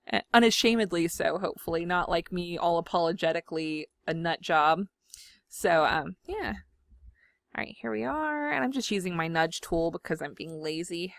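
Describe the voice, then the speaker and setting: A woman, chatting casually from home while she demonstrates design software, giggly and self-deprecating. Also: on the low side, vocal fry, no echo, clean studio sound. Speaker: scrapbooking video host. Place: home room.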